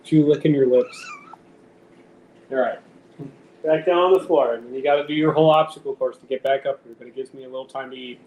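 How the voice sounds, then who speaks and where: Live streaming from home, a man with a mid-range, slightly mellow voice chats casually at a brisk pace broken by long pauses. He teases and talks baby-talk to his cat, in an echoey room with faint background noise.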